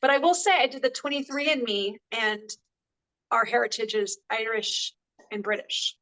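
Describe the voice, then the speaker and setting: A woman's voice: on the high side, moderate pace, bright, forceful tone, low-quality recording. A woman hosting a casual movie review channel, chatty and loose, with lots of fillers. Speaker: co-host. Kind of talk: casual film review chat.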